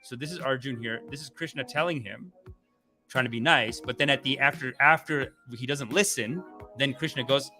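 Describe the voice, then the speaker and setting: A man's voice: medium pitch, fairly quick, faint music behind. A man hosting a comedy talk stream, ranting casually, swearing, and slipping into voices. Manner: animated, swears, acts out voices. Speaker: comedian host.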